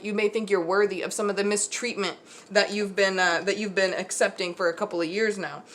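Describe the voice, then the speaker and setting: A woman's voice: medium pitch, a bit bright, slight background noise. A woman giving a frank, encouraging motivational pep talk with an oracle reading, swearing freely as a spiritual content creator.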